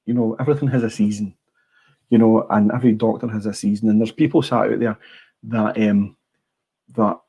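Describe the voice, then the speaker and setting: A man's voice: lowish voice, fairly even intonation, brisk, long pauses, warm tone, slightly rough. A middle-aged Scottish man hosting a casual livestream, blunt and rambling, swearing freely. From Scotland. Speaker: livestream host. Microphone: small clip-on mic.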